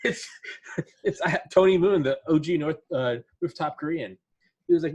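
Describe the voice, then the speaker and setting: A man's voice: a little high, normal speed, a little mellow, breathy edge. A man in casual podcast chat, telling profane stories and quoting friends' voices. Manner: profane, storytelling with quoted voices.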